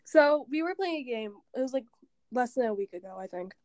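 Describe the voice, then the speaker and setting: High-voiced young woman telling game stories. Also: brisk, no room sound. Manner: animated storyteller who acts out quotes. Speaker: podcast co-host. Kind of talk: casual chat about a video game. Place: at home.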